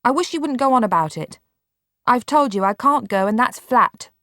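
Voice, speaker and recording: A woman's voice: a little high, animated, moderate pace, bright, forceful tone, dry recording, pitched above the performer's own voice. Woman narrator plays bedridden boy, curt and exasperated, close, dry audiobook read. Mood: impatient. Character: bedridden boy, impatient and grudging. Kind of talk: audiobook character reading.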